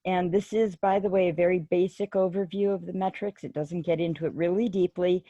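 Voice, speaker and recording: Low, mellow-voiced woman presenting a webinar. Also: dry recording. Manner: orderly, explanatory. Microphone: video call. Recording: dull, lo-fi video call audio.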